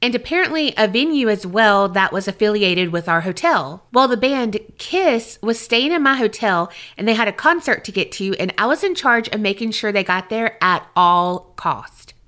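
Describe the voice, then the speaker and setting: A woman co-hosting a casual podcast, reacting with loud exclamations and casual swearing, and reading listener stories aloud. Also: medium pitch, expressive, moderate pace, few pauses. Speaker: podcast co-host.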